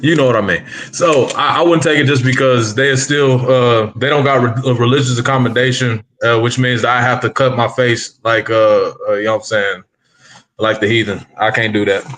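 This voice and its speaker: A man's voice: medium pitch, fairly even intonation, normal speed, fairly bright tone, rough recording. A man in a casual debate chat, talking hesitantly with many fillers and restarts. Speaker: guest.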